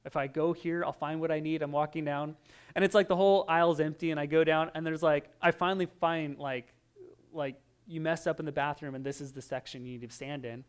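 A man preaching a sermon, telling a personal story with lively, animated delivery and acted-out quotes. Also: fairly high pitch, brisk, smooth. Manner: animated storytelling, acting out his own voice in quotes. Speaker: pastor.

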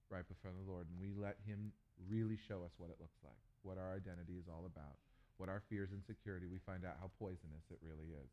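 A man preaching a sermon, telling stories with humor and jumping to loud, animated bursts. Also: low-pitched, muffled recording. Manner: animated storytelling with jokes and sudden loud bursts. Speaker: pastor.

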